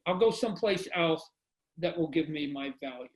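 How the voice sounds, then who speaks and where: A comic book creator appears as a guest on a casual podcast over a video call, telling stories and animatedly acting out quotes and sound effects. His voice is on the high side at a normal speed, and the roomy call audio sounds muffled.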